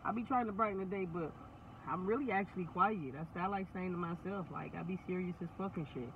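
A woman's voice: fairly low pitch, quick pace. A woman venting in casual, profane talk on a phone call, laughing often. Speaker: vlogger. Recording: tinny phone line, faint noise.

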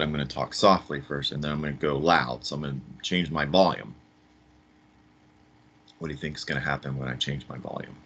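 Deep voiced guy teaching grade school science, chatty and upbeat. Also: a bit bright, husky, highs cut off. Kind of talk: science lesson for kids.

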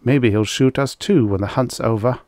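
A man's voice: medium pitch, normal speed, darkish tone, dry recording, studio quality, voice pushed up, close to an everyday voice. A man voicing an anxious young male hunter on an alien world, arguing in a tense, urgent way. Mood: worried. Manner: anxious, argumentative.

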